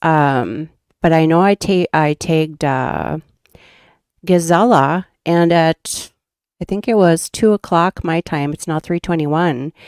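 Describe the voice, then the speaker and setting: Chatty Minnesotan woman, low voice. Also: darkish tone, clear, resonant tone, dry recording, clean studio sound. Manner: chatty, rambling, laughs often. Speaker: true crime YouTube host. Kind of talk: casual livestream chat.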